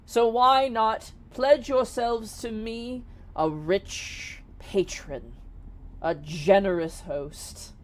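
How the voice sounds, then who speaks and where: A woman's voice: on the high side, fairly even intonation, drawn-out words, pitched above the performer's own voice. Woman doing a pompous male earth genie. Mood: grandiose. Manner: pompous, grandiose salesman talk. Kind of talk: tabletop game character voice.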